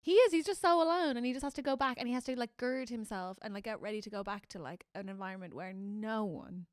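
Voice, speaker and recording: A woman co-hosting a casual comedy podcast, talking with animated emotion. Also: on the high side, quick pace, smooth, dry recording, clean studio sound. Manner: animated, emotional, acts out characters' lines. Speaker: podcast co-host.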